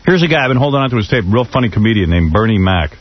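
A man's voice: on the low side, very animated, racing, slight background noise. A man hosting a radio show, chatting casually with dry, joking banter. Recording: dull lo-fi radio broadcast.

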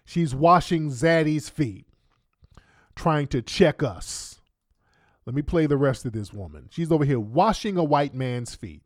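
Brief: male podcast host, mocking, crude, fairly high voice, dry close mic. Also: lively intonation, unhurried, dry recording. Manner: mocking, heated, crude slang. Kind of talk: commentary on played clips.

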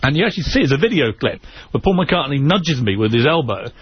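Fast-talking man telling stories. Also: medium pitch, husky, dry recording. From England. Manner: fast, animated storyteller. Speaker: guest, former tabloid editor. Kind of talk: casual anecdote on a radio talk show. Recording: muffled radio broadcast.

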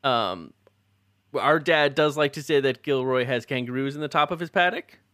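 A man leading a casual group reading of a gamebook, laughing often and pausing with fillers as he reads. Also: mid-range voice, a bit bright, dry recording, studio quality. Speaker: reader leading the group through the story.

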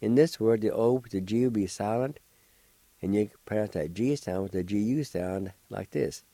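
A man hosting a language lesson on radio, slowly spelling words letter by letter and pronouncing them with patient encouragement. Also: on the low side, mellow, no echo. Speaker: language radio show host. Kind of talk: slow spelling and pronunciation lesson.

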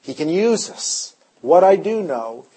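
A man preaching a revival sermon, telling stories in an animated way, his voice swinging between loud and hushed. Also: on the high side, takes it slowly, slightly rough. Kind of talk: storytelling sermon.

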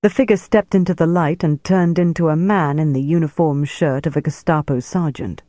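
A man narrating a novel as an audiobook in a measured, steady storytelling voice. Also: on the high side, dry recording. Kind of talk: scripted narration.

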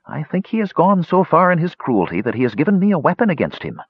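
A man's voice: a little high, sing-song, quick pace, slightly rough, no echo, lo-fi sound, pitched above the performer's own voice. A man voicing a cold, secretive young male mage who speaks in a cool, cryptic, humorless way.

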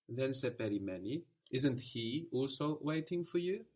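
A man's voice: mid-range voice, expressive, a little slow. A man teaching a language lesson, patiently prompting, repeating answers and explaining where words come from.

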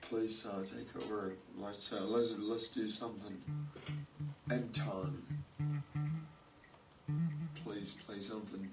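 A feverish man with a cracking voice, rambling casually, swearing and clearing his throat a lot. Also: on the low side, steady tone, slow pace, long pauses, over music. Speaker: musician jamming with friends. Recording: echoey room mic from far off with noise.

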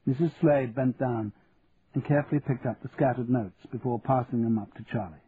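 A man narrating a story in a measured storytelling manner, on a tinny radio recording with faint hiss. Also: medium pitch. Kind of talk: audiobook reading.

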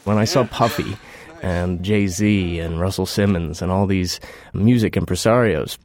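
A man in an interview, speaking in a very low voice and thinking back in a reflective way. The sound is dry and close, with faint music behind. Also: measured pace, a little mellow, no room sound. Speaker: filmmaker. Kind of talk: interview answers.

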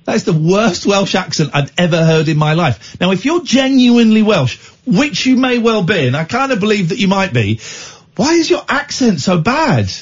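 A man's voice: high voice, very animated, moderate pace, breathy edge. A man hosting a late-night radio phone-in, teasing callers and laughing often. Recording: slightly dull radio broadcast.

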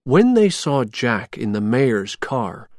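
A narrator reading a simple storybook clearly and expressively. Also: medium pitch, sing-song, slow pace, darkish tone, no echo, studio quality. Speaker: audiobook narrator. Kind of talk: graded reader storybook narration.

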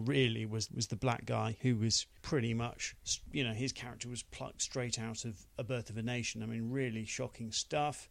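Male critic, mid pitch, gravelly, exasperated sarcastic rant. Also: no room sound. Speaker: film critic. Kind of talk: ranting film review.

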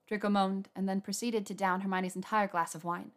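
A woman's voice: medium pitch, flat delivery, fairly quick, few pauses. Woman reading a story aloud. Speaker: narrator.

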